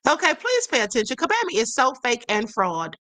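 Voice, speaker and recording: Bright high-voiced woman livestream host. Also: brisk, dry recording. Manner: animated, laughs often, reads out viewer comments; repeats "please pay attention". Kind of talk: livestream commentary.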